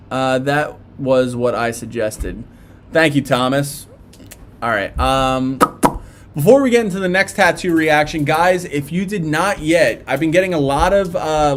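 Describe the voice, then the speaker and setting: A man's voice: on the high side, slight background noise. A man with a Philadelphia accent hosting a casual live stream, chatting and reading viewer comments aloud with plenty of fillers.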